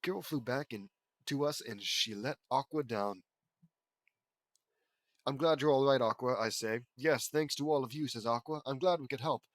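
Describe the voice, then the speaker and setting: A man's voice: medium pitch, normal speed, no echo. Sarcastic man reading fan fiction aloud. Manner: mocking, wry commentary between read lines; lifts voice for quoted characters.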